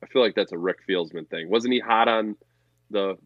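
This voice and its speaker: A man with a lowish voice, co-hosting a sports podcast, rants bluntly and swears freely about his team and his betting picks. The recording sounds dry and a little dull, with no room around the voice. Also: moderate pace, no room sound. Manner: blunt, profane, ranting. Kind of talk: casual chat.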